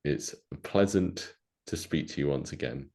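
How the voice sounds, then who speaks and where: A very deep-voiced young man co-hosting a podcast. He chats loosely and jokes around, with a rambling, playful delivery. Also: measured pace, vocal fry, dark tone. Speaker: podcast co-host. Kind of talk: casual chat.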